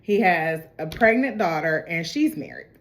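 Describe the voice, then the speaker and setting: A woman's voice: fairly low pitch, expressive, normal speed. A young woman in a casual TV recap, talking in a chatty, slangy way and acting out the characters' lines as she goes. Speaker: TV recap host.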